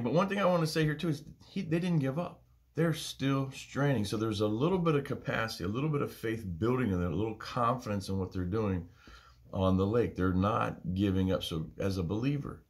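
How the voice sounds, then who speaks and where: A middle-aged man with a lowish voice leads a Bible study. He speaks in an earnest, conversational way, often repeating phrases for emphasis.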